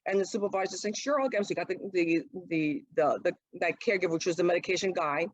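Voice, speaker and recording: A woman's voice: on the low side, quick pace, dry recording, low-quality recording. A middle-aged woman, a guest mother, telling her story in a casual interview and acting out what others said. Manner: animated, acts out quoted speech. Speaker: guest, mother of an autistic son.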